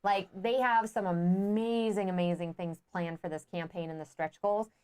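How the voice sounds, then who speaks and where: A woman co-hosting a casual chat show and reading viewer comments, reacting excitedly. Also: on the low side, normal speed, clear, resonant tone.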